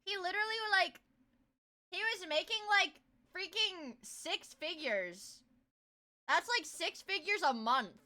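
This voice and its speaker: A woman streamer chatting casually with her viewers, giggly and excitable. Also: very high-pitched, slow. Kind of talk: casual live-stream chat.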